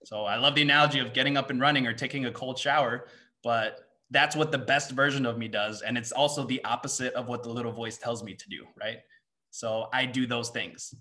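Man, motivational coach, quick questioning delivery, tense bright voice, medium pitch. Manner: rapid-fire rhetorical questions, frequent "right?". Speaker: seminar speaker and mindset coach. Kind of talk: motivational talk to students.

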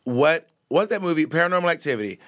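A man's voice: fairly high pitch, animated, quick pace, fairly bright tone. A young man co-hosting a podcast in casual banter, sassy, argumentative and full of slang. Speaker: podcast co-host. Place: podcast booth.

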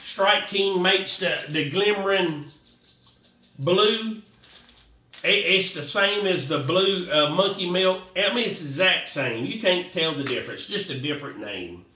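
Folksy rambling man, bright voice. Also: high voice, animated, a little slow, roomy sound, recorded from a distance, slight background noise. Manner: rambling, repeats himself, folksy. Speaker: fishing vlogger. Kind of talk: casual how-to talk.

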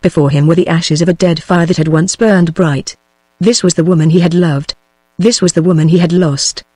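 A computer-generated woman's voice with a British English accent, reading an audiobook in an even, steady way. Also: on the low side, moderate pace, husky, dry recording. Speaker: narrator. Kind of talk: text-to-speech audiobook narration.

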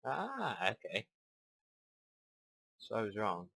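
A young man commentating a puzzle game, talking himself through each step and second-guessing out loud. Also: fairly low pitch, wildly swooping pitch, slow, creaky, breathy edge, dry recording, low-quality recording. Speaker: gamer. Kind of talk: let's play commentary.

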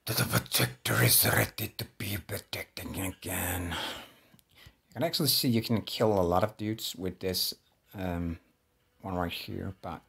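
Husky low-voiced man playing a game. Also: expressive, a little slow, fairly bright tone. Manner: jittery, swearing, talks to himself. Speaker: gameplay streamer. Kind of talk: casual gameplay commentary.

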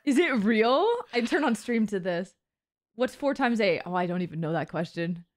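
A woman's voice: medium pitch, animated, moderate pace, darkish tone. A woman streaming, chatting casually in a crude, giggly, playful way, acting like a teacher. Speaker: streamer co-host. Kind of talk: casual livestream chat.

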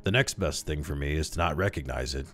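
A man's voice: a bass voice, fast talker, fairly bright tone, faint music behind. A man voicing a cynical young male doctor who talks coolly and persuasively in a worldly, dismissive way. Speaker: audiobook reader.

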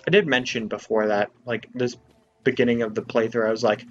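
A man's voice: mid-range voice, fairly even intonation, brisk, muffled recording, slight background noise. A young man giving let's play commentary in a playful, jokey, mock-exasperated way. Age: young adult. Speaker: gamer.

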